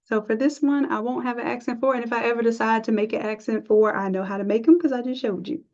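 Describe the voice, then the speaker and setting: A woman's voice: a little high, steady tone, fast talker, a little mellow. Chatty woman teaching design live. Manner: chatty, encouraging, thinks aloud while working. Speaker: design instructor. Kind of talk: live screen-share tutorial. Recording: dull lo-fi stream audio.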